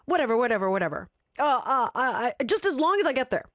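A woman's voice: high voice, big pitch swings, moderate pace, dry recording, clean studio sound, voice pushed up. A woman voicing a flustered, impatient male businessman who talks with exasperated urgency.

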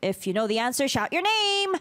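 An upbeat woman hosts a quiz game. Her voice sits a little high and swings widely up and down. She laughs between her clear, teacherly explanations. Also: big pitch swings, normal speed, a bit bright. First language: Korean. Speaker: quiz host. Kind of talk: hosting a language quiz game.

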